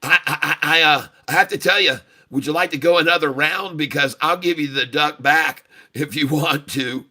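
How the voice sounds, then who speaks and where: A man's voice: fairly high pitch, moderate pace, hardly any pauses, sharp tone. A man voicing an older woman who runs a brothel in a bawdy joke, talking in a coaxing, dealmaking way.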